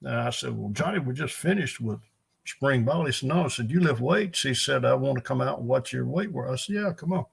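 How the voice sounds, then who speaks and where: A man's voice: medium pitch, lively intonation, fairly quick, creaky, slightly rough. An older man, a strength coach telling rambling, folksy stories in an interview. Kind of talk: storytelling in an interview.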